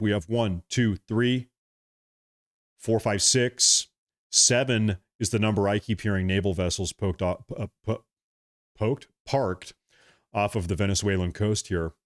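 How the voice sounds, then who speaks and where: A man hosting a political live stream, talking agitated and repetitive and speaking straight to his viewers. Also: mid-range voice. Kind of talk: casual live-stream commentary.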